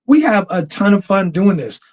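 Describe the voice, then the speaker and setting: A man's voice: high-pitched, very animated, moderate pace, darkish tone. A man hosting a casual livestream, talking loosely in slang with laughs and restarts. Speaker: livestream host. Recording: dull lo-fi stream audio.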